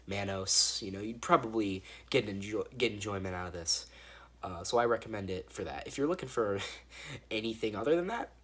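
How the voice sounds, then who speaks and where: The man's voice is lowish, a bit bright, and slightly rough. He gives a loose, rambling movie review full of profanity and frequent sentence restarts.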